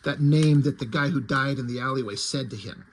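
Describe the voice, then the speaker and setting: A man's voice: medium pitch, fairly quick, slight background noise. A man casually recapping a comic book's plot, rambling with lots of "like" and restarts. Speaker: comic book reviewer.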